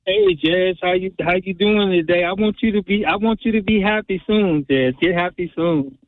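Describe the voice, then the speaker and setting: A man calling in to a radio show, speaking warmly and affirmingly, often halting and restarting. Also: sits high, very animated, no room sound. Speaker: caller. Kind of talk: call-in talk radio. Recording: tinny phone line.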